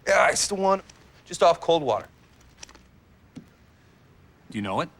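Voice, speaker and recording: A man's voice: fairly high pitch, very animated, fairly bright tone, exaggerated voice. An actor playing an awkward cat owner who rambles and halts as he flirts. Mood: flirty. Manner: halting, rambling.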